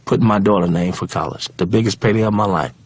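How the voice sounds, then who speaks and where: A male comedian looking back on his career in an interview, relaxed and matter-of-fact. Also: lowish voice, quick pace, slightly rough. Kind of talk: interview recollection.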